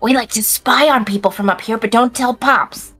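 A woman voicing an excited young goblin child giving a tour. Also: a little high, moderate pace, breathy edge, soft background music, voice pushed up. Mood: eager. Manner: excited, chirpy. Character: eager young goblin kid.

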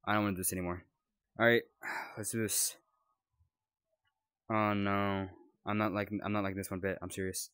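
A man's voice: fairly low pitch, little pitch movement, moderate pace, long pauses, fairly bright tone, clear, resonant tone, no room sound, studio quality. A young man commentating his own horror game playthrough, jumpy and rambling, yelping when startled. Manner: jumpy, yelps and rambles while scared. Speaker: gaming YouTuber.

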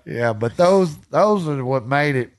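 Energetic man spinning hunting yarns. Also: medium pitch, a little slow. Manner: energetic storyteller who swears freely. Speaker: podcast guest. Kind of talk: casual storytelling chat.

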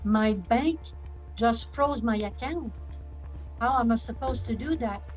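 An older woman telling her story in an interview, hesitant and full of pauses. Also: a little high. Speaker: scam victim interviewee. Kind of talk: slow halting interview testimony. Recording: dull documentary clip with music.

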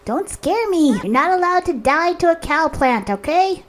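Woman, gameplay commentary, high voice, animated swings in pitch, chatty. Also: normal speed. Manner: chatty, talks to her sims, lively reactions. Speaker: let's play host.

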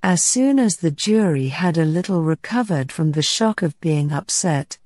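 A woman narrating a classic storybook in a measured, clear reading style. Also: low voice, lively intonation, a little mellow, no room sound. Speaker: audiobook narrator.

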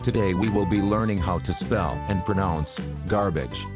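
A woman putting on a deep-voiced male English teacher. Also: over loud music. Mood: formal teacher. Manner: slow, spelling out letters one by one. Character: man teaching English lessons, formal and slow.

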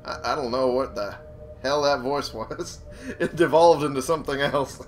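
A man's voice: mid-range voice, normal speed, a little hiss or hum. A man giving casual let's play commentary, swearing and chuckling to himself. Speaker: gamer.

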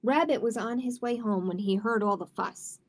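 A children's librarian reading a picture book aloud to children in a gentle, expressive way. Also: female voice, on the high side, moderate pace. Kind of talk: children's storytime read-aloud.

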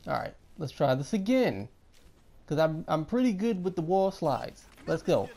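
A young man giving excitable gameplay commentary, often repeating himself. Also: a little high, normal speed, creaky. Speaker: gaming YouTuber.

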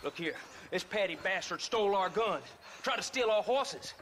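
An actor playing a menacing outlaw captor with a gloating, threatening manner. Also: male voice, sits high, animated, moderate pace, a bit bright, a little hiss or hum. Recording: game audio with hoofbeats and ambience.

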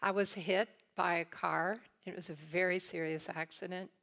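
A woman's voice: fairly low pitch, fairly even intonation, moderate pace, creaky, a bit bright. A woman from eastern Kentucky teaching a church congregation, telling family stories and acting out the people she quotes. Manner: storytelling, acts out quoted voices with laughs. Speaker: guest teacher.

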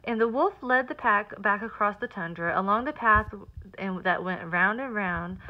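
A woman reading a picture book aloud to children, pausing to explain words and count along with them. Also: medium pitch, highs cut off. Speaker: teacher.

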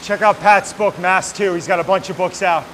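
A man's voice: high-pitched, fairly even intonation, fairly bright tone, slight background noise, rough recording. A man in his forties hosting, chatting upbeat and joking with a trainer during a gym workout. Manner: chatty, upbeat banter with quick laughs. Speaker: fitness trainer and show host. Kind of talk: casual chat during a workout.

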